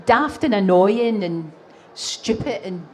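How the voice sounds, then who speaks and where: A woman in her sixties with a Glaswegian Scottish accent, a TV presenter answering audience questions on stage, animated and laughing often. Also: mid-range voice, slow, slight background noise. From Scotland. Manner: animated storytelling with frequent laughs. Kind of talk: live stage Q&A. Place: exhibition hall stage.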